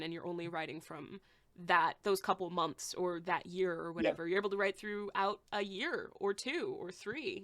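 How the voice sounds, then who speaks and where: A woman hosting a podcast interview, chatty and casual, who answers often with quick affirmations. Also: on the low side, sharp tone. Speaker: podcast host.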